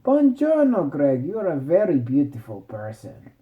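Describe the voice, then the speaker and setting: A man voicing a lazy young Italian princess in a bedtime story, with high, drawn-out exclamations. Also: big pitch swings, phone-quality sound. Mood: gushing.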